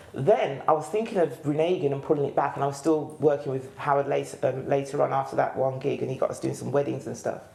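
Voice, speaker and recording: A woman's voice: rumbling low, vocal fry. A woman with a Birmingham accent, a gospel choir leader telling stories in an interview and acting out the voices she quotes. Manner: animated, acts out quoted voices. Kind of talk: storytelling interview. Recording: echoey room.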